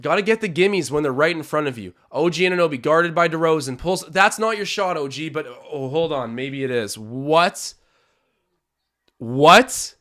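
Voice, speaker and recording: A young man from Canada hosting a live basketball watch-along, calling plays and chatting with his viewers, animated and swinging from hype to groans. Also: a little high, brisk, hardly any pauses. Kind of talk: excited live game commentary with chat.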